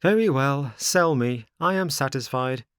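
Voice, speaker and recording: A man's voice: mid-range voice, unhurried, fairly bright tone, smooth, no room sound, studio quality, pitched above the performer's own voice, close to an everyday voice. A man voicing a cheeky, boastful wooden puppet boy with a playful, mocking, sing-song manner. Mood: taunting.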